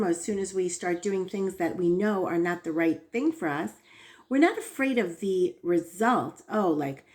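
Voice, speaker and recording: A woman giving an informal religious lesson, talking in an unhurried, conversational way and checking in with her listeners. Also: medium pitch. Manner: unhurried, thoughtful. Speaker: religious teacher.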